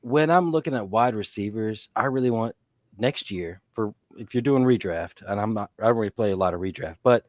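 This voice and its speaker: Low-voiced man rambling on a podcast. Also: brisk, a little mellow, no echo. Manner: rambling, full of restarts and fillers. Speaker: podcast co-host. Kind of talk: casual fantasy sports chat.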